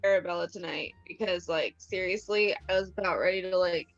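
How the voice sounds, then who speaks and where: A woman's voice: fairly low pitch, a little fast, soft background music. A young woman co-hosting a casual video-call chat, telling a story in a rambling, hesitant way. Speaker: co-host. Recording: dull, dry call audio.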